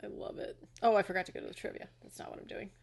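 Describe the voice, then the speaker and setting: An animated woman co-hosts a casual film podcast. She laughs a lot, swears freely and gets carried away when she talks about a movie. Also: very fast. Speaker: podcast co-host.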